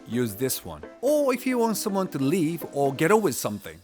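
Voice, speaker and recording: A man's voice: on the high side, normal speed, faint music behind. A man with a Japanese accent, a YouTube host explaining Japanese in a playful, jokey way. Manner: playful, jokey, animated delivery. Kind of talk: comedic explainer video.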